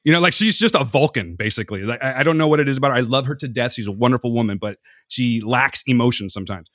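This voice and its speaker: A podcast host with a mid-range voice talks fast, recorded in clean studio quality with no echo. In this casual storytelling chat he's animated and profane, rambling and jumping from one anecdote to the next.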